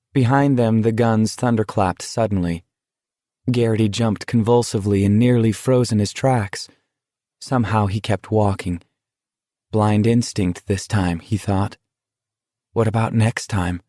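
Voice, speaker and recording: A man narrates a scripted audiobook in a calm, measured manner, his voice fairly low. The studio-quality recording carries no room sound.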